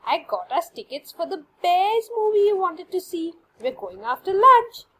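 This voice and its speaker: A woman's voice: very high voice, very animated, moderate pace, a little hiss or hum, pitched above the performer's own voice, full character voice. A woman voicing a playful, teasing grandmother. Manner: playful and warm.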